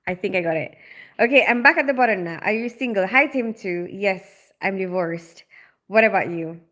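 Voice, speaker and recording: Hosting a relaxed livestream, this young woman who grew up in the Philippines and works as an operating room nurse reads comments aloud, talking fast with frequent fillers and laughs. She has a mid-range, slightly bright voice.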